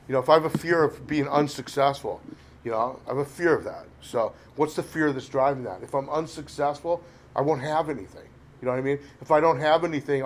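A man's voice: medium pitch, slight background noise. A middle-aged man telling a candid recovery story in a rambling, self-deprecating way, full of "you know". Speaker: recovery speaker. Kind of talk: candid personal recovery talk.

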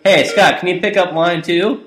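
A man's voice: high voice, moderate pace, fairly bright tone, echoey room, rough recording. A man hosting a casual podcast, talking in an enthusiastic, rambling way. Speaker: podcast host. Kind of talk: casual banter.

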